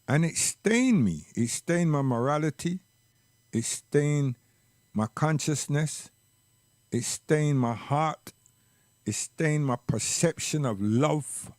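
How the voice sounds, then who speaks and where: Man, reflective storyteller, unhurried delivery, dry close sound. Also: fairly high pitch, lively intonation, a little mellow, no echo. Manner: slow and reflective, repeats words for emphasis. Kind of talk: personal storytelling monologue.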